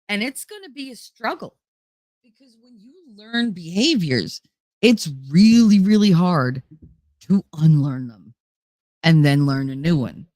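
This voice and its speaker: A woman's voice: deep voice, darkish tone, no room sound. Blunt, salty woman chatting live. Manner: blunt and profane, acts out quoted people; answers viewers' chat messages. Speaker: livestream host. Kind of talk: casual live chat talk.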